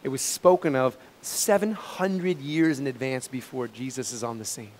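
A man preaching a sermon as pastor, swinging from loud emphatic peaks down to quiet low asides. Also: moderate pace, big-room sound, a little hiss or hum. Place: church sanctuary.

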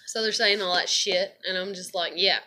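A woman's voice: mid-range voice, fairly even intonation, normal speed, pushed and bright. A tired young woman, venting to camera in a rambling, profane way and laughing often. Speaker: vlogger.

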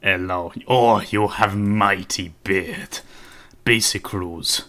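A man voicing a rude male border inspector in a deliberately bad fake Russian accent, talking in broken grammar. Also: fairly low pitch, pushed and bright. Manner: broken grammar, curt and insulting. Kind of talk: joking game commentary in character.

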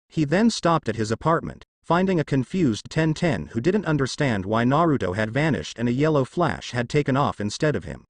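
A man narrating fan fiction with storybook pacing. He reads in a plain, steady way, and his pitch swings a lot. The recording is close and dry with no room sound. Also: normal speed, few pauses, no echo.

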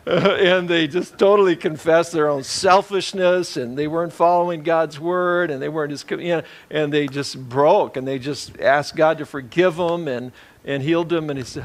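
Pastor type, male, slightly high voice, loose off-the-cuff preaching with lots of uhs and restarts. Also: moderate pace. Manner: relaxed, rambling, many fillers and restarts. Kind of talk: conversational sermon.

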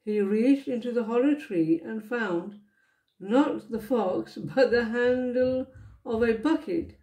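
Slow, mellow-voiced woman reading a storybook. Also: on the high side, low-quality recording. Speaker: grandmother reading picture books aloud. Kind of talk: storybook read-aloud.

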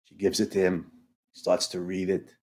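A man in a podcast conversation, retelling a play emotionally, halting and restarting often. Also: deep voice, monotone, warm tone. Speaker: podcast co-host.

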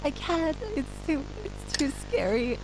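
A woman streamer playing a horror game live, panicking, yelling and swearing as she runs. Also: high-pitched, lively intonation, measured pace, music in the background, low-quality recording.

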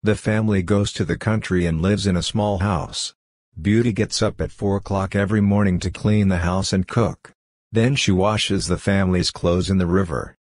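A man narrating a simple audiobook story for learners in a clear, even, careful way. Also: fairly low pitch, no echo, studio quality.

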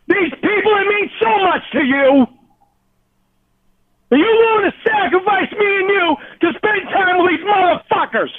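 A man's voice: very high-pitched, a little slow, long pauses, no room sound. A jealous, crying man swears nonstop and hurls accusations in a rant over the phone. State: crying, voice cracking. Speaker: angry caller. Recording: tinny phone line.

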